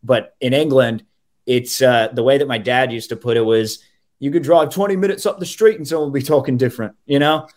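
Enthusiastic podcast host, mid-pitched. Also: male voice, a little fast, a little mellow. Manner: enthusiastic, conversational. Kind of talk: casual sports podcast chat.

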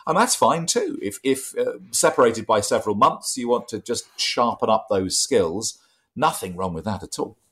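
A man, a voice trainer, explaining his craft in a conversational podcast interview with lively, emphatic delivery. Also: normal speed. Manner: lively, emphatic explaining with wide pitch swings.

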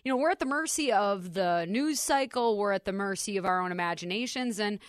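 A woman's voice: medium pitch, a little fast, dry recording. A woman co-hosting a sports talk radio show, chatty and upbeat, speaking into a studio mic. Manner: chatty, upbeat, self-deprecating.

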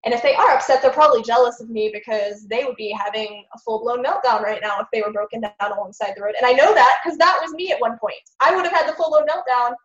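A woman's voice: fairly high pitch, fast talker, few pauses, echoey room, lo-fi sound. Earnest woman with a slightly sick voice. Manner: earnest and animated, acts out her own thoughts. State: a little sick. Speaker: podcast guest. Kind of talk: casual interview talk.

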